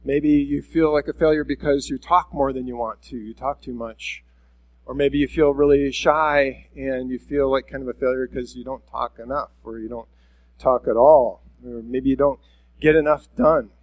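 A man's voice: medium pitch, steady tone, moderate pace, highs cut off. A man preaching a conversational sermon at a church service, speaking candidly and directly to his listeners with self-deprecating honesty. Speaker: pastor.

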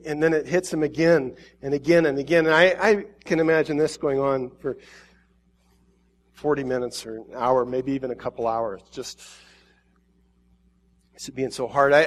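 A man preaching an emotional sermon, swinging between hushed pauses and urgent, quickening passages. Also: a little high.

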